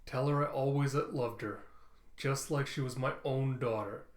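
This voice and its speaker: A loyal, brave alien fighter from a comic, as a man reads him aloud, speaking slowly and earnestly. The voice sits at a middle pitch. There is a roomy echo around him. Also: close to an everyday voice. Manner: slow, earnest reading.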